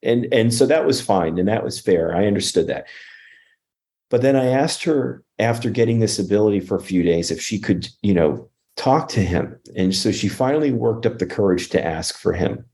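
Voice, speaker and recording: Guest, male, low mellow voice, earnest storyteller who restarts a lot. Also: expressive, moderate pace. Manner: earnest, restarts often, acts out quoted speech. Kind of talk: conversational storytelling.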